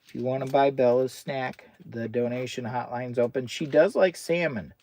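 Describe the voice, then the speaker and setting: A man's voice: mid-range voice, normal speed, vocal fry, dark tone. An American man chatting casually on a camping livestream from inside a hot tent, often talking baby talk to his dog. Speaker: camping vlogger.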